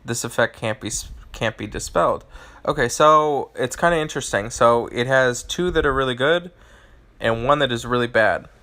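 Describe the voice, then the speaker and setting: A man's voice: mid-range voice, normal speed, pushed and bright. A man hosting a live game stream, answering chat and reading out game stats in a rambling way, often restarting his phrases.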